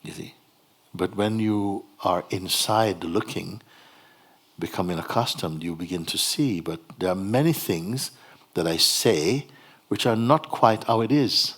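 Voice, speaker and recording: A man guiding a seeker as a spiritual teacher in a satsang dialogue, gentle and unhurried, often breaking into laughter. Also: sits low. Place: hall.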